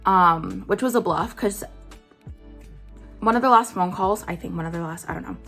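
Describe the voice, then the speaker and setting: A woman's voice: on the low side, normal speed, gravelly, fairly bright tone, soft background music. Blunt chatty woman vlogger. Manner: chatty, blunt, filler-heavy with "like" and "um". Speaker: commentary vlogger. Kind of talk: casual commentary chat.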